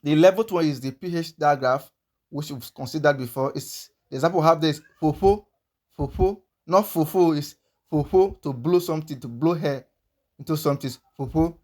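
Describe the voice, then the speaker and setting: A man with a somewhat high-pitched voice gives a language lesson. He goes through the sounds one at a time and says each example word slowly, again and again, so it can be heard clearly. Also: a little mellow. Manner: slow, repeats each sound several times. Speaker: language teacher.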